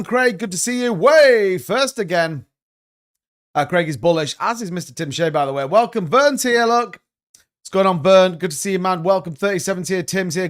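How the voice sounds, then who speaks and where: A man's voice: sits high, a bit bright. A man hosting a crypto livestream, chatting casually and greeting viewers by name.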